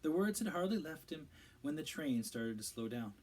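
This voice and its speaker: A man narrating a storybook aloud in a steady, measured read-aloud style. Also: fairly high pitch, poor audio. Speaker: audiobook reader.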